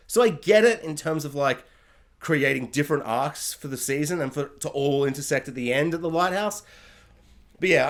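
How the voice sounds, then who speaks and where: A young man giving a casual, rambling TV episode review, often acting out characters' lines. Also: fairly high pitch.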